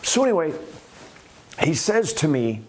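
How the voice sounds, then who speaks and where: A middle-aged man hosting and telling his own stunt stories in a casual, animated way, acting out the people in them. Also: a little high, unhurried, a little hiss or hum. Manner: animated, acts out quoted voices, rising excitement. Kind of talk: casual storytelling.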